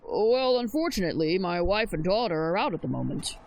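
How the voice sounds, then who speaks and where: A woman's voice: mid-range voice, big pitch swings, fairly quick, a little mellow, voice pushed down, low-quality recording. A woman voicing a polite middle-aged father who answers courteously but evasively. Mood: guarded.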